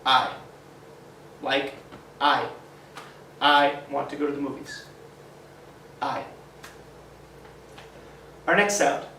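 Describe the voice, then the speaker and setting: Slow, encouraging phonics teacher, a man. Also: mid-range voice, flat delivery, pushed and bright, a little hiss or hum. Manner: slow, sounds out letters, encouraging. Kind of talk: phonics lesson for children. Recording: roomy echo, mic at a distance.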